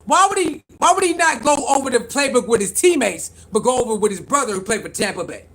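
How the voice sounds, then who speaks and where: A young man with a high-pitched voice, ranting on a live reaction stream. He talks in an animated, slangy way, repeats himself, and keeps calling out to his viewers. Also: fast talker. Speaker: vlogger reacting to sports news.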